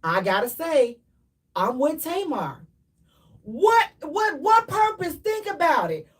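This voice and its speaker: Animated, preachy woman radio host. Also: sits high, slow, recorded from a distance. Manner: animated, preachy, repeats herself, sometimes shouting. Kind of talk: live call-in radio talk.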